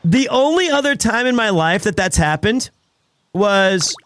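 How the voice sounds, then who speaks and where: A man's voice: high-pitched, animated, unhurried, a bit bright. A man chatting casually on a gaming live stream, telling rambling stories with lots of restarts. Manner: rambling anecdotal storytelling with many restarts.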